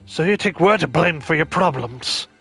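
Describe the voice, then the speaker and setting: A man's voice: a little high, lively intonation, moderate pace, sharp tone, slightly rough, no room sound, faint music behind, exaggerated voice. Man doing a laid-back surfer dude hunter. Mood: easygoing.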